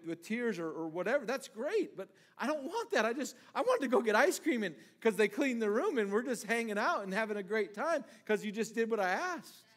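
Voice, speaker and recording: A man's voice: sits high, fairly bright tone. A man pastor preaching a sermon in a conversational way, often restarting words and acting out lines from scripture.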